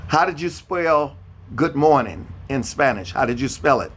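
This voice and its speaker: Over a video call, a man gives a beginner Spanish lesson, patiently repeating every question and spelling words out one letter at a time. His medium-pitched voice is expressive and fairly bright, at an ordinary pace, with a little hiss or hum in the background.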